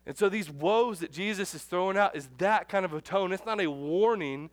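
A man in his thirties preaching a conversational sermon as pastor, casual and animated, acting out little dialogues. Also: high-pitched, quick pace, few pauses, no echo.

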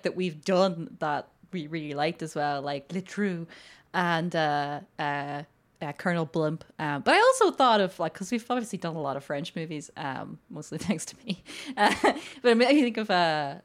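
A woman co-hosting a casual film podcast, talking with lots of fillers and frequent laughter. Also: lowish voice. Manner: animated, laughs often, many fillers. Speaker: podcast co-host.

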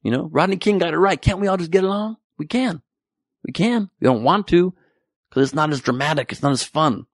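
A man's voice: a little high, lively intonation, fairly quick, no room sound, clean studio sound. A man doing a stand-up comedy routine, rambling and sarcastic, with frequent profanity.

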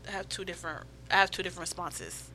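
A woman's voice: fairly low pitch, fairly even intonation, rapid-fire, bright, forceful tone. A woman guest on a podcast, arguing her point emphatically in a heated casual discussion. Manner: emphatic, insistent, interrupts back.

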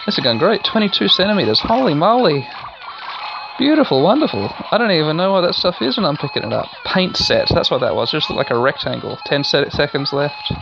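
A man hosting a let's play, rambling excitably through casual game commentary and swearing now and then. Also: fairly high pitch, brisk, gravelly, few pauses. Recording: dull lo-fi recording with game music.

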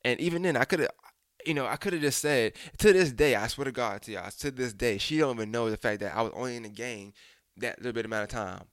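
A man's voice: medium pitch, fast talker, no room sound, studio quality. A young man telling a personal story in a frank, casual way, swearing freely and speaking straight to his listeners. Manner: frank, profane, addresses listeners directly.

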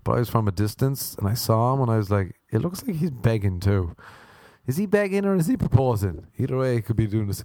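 A man performing a stand-up comedy routine, telling stories deadpan and breaking into animated voices for the people he quotes. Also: medium pitch, fairly quick, no room sound, clean studio sound. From Ireland.

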